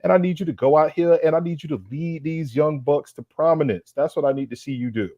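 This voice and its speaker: A man's voice: a little high, fast, warm tone, dry recording, lo-fi sound. A man co-hosting a sports podcast, ranting in a fired-up, profane way, full of streetwise slang and repeated lines for emphasis. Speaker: podcast co-host. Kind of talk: heated sports roast rant.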